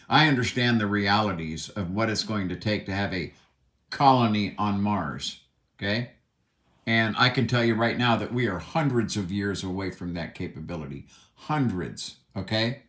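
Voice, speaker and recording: A man's voice: fairly low pitch, a bit bright. A man ranting in a solo commentary, angry and emphatic, swearing often. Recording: echoey room.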